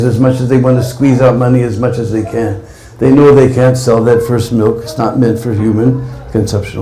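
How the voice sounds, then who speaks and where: A man's voice: medium pitch, dark tone, echoey room, low-quality recording. A man preaching a devotional story sermon, often tagging lines with "hmm?" and "huh?".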